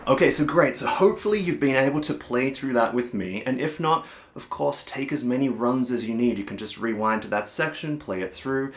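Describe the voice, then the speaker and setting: A man with a middle-pitched voice teaches a cajon lesson. His tone stays patient and reassuring. Now and then he counts aloud or sings rhythm syllables to show a beat. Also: fairly quick, a little hiss or hum. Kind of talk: relaxed, encouraging music lesson.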